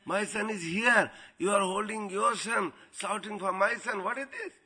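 A man's voice: a little high, animated, normal speed, a bit bright, slightly rough, exaggerated voice. A man voicing an indignant mother who exclaims incredulous questions. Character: indignant mother, protective of her son.

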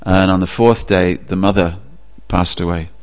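A man preaching a sermon, telling a story with a relaxed, anecdotal manner and frequent pauses. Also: sits low, clear, resonant tone. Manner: anecdotal, with fillers. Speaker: religious preacher.

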